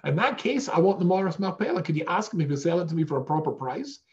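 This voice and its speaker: A man's voice: fairly high pitch, big pitch swings, fast talker, muffled recording, voice pushed up. A man doing an eager bargaining patriarch.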